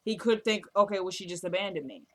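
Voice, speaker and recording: A woman's voice: medium pitch, fast, a bit bright. A woman chatting casually as she recaps a TV episode, joking around and acting out the characters' lines. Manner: chatty, jokey, acts out lines from the show.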